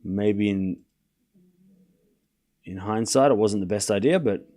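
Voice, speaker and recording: A man's voice: lowish voice, slow, warm tone. A young man hosting a live tennis watchalong, chatting casually with his stream chat and calling the score in a rambling way. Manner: chatty, rambling, with fillers and restarts.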